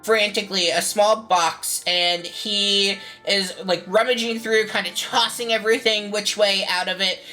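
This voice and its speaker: A woman's voice: medium pitch, steady tone, measured pace, hardly any pauses, pushed and bright, faint music behind, rough recording. A woman narrating as game master of a tabletop game, loose and rambling with lots of fillers.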